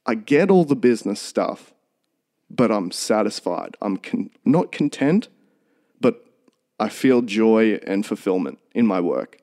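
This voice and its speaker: A man's voice: fairly low pitch, very animated, unhurried, warm tone. A man co-hosting a podcast, talking earnestly in a rambling, casual way with many restarts. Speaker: podcast co-host.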